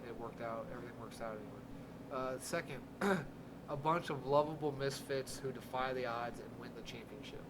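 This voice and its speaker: A man hosting a podcast in casual chat, excitable, with stumbling restarts and frequent laughter. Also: mid-range voice, moderate pace, background noise. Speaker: podcast host.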